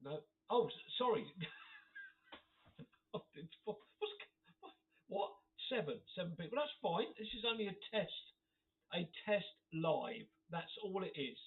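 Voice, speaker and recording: A man's voice: sits high, big pitch swings, normal speed, vocal fry. A man chatting casually to viewers on a live stream, laughing often as he reads out comments. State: occasional cough. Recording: tinny phone-like audio.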